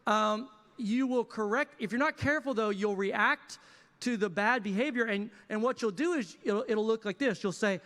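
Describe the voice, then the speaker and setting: A man pastor preaching a sermon in a lively, conversational way with casual asides. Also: high-pitched, moderate pace. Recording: reverberant church hall.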